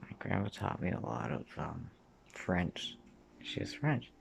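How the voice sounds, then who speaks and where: A Canadian man in his thirties speaks in a slow, unhurried ramble that drifts from memory to memory. His voice sits low and carries a rough, creaky edge. He swears freely and now and then sinks into a near-whispered mutter. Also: very animated, a little hiss or hum. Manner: sometimes drops to a mutter or whisper. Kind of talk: rambling personal monologue.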